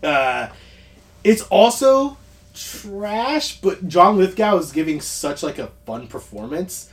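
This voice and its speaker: A man co-hosting a podcast, chatting casually about movies, rambling with quick asides and frequent laughs. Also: high-pitched, very animated. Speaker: podcast co-host.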